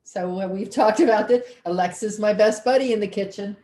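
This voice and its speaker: A woman's voice: mid-range voice, brisk, mellow. A woman teaching a cooking class over a video call, chatty and folksy, thinking aloud as she works. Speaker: cooking instructor.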